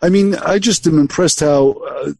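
Husky, lively high-voiced man. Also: no room sound. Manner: halting, stammers while framing questions. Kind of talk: casual chat.

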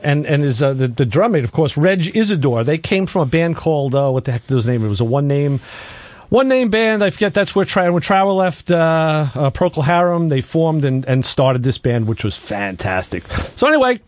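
A man's voice: a little high, very animated, a little fast, a little mellow, dry recording. A man hosting a radio talk show in a studio, chatting casually and rambling a bit. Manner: rambling, chatty, laughs often. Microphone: studio microphone.

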